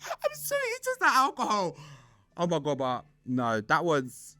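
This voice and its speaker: A young man spills the story of his birthday night in a chatty, dramatic vlog voice. His voice sits fairly high and swings widely, animated all through. The sound is dry and close to the mic. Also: measured pace, no room sound. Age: 20s. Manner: chatty, dramatic, gossipy, full of fillers and laughs. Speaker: vlog host.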